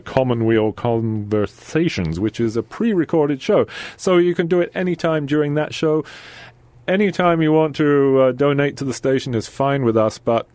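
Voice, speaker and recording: A man's voice: medium pitch, a little mellow, no echo. A man co-hosting a community radio call-in show, chatting playfully through a pledge drive and asking for donations. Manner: playful, slips into mock accents. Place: radio studio.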